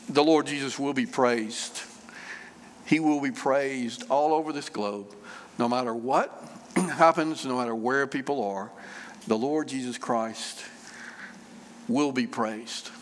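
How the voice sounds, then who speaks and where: A man preaching a sermon, unhurried and conversational, with frequent fillers and repeated phrases. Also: mid-range voice. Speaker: pastor. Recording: long reverb of a church hall.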